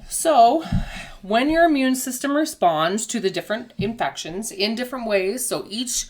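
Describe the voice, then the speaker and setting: This health educator's voice runs on the high side and is expressive, moving at a normal speed. Hiccuping as she goes, she teaches a relaxed health lesson, patiently drawing everyday comparisons and frequently asking "okay?".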